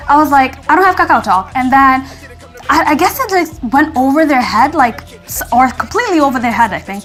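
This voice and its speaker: A young woman casually telling a story to her viewers, chatty and animated, acting out what people said. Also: sits high. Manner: chatty, animated, acts out quotes, frequent "like".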